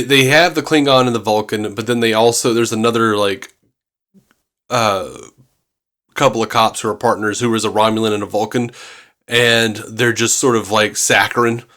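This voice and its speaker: A man's voice: fairly low pitch, a bit bright. A man co-hosting a podcast in casual chat, reading listener emails aloud with jokes and laughter. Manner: jokey, laughing, plays up silly voices. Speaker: podcast co-host.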